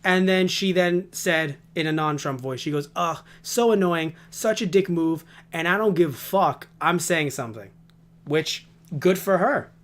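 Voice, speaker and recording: A man's voice: fairly high pitch, measured pace. A man co-hosting a casual podcast, rambling and ranting with heavy swearing. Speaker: podcast co-host.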